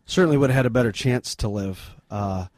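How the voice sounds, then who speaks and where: A middle-aged man, a missionary guest in an interview, retelling a story in an earnest, halting, sombre way. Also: medium pitch, darkish tone, dry recording.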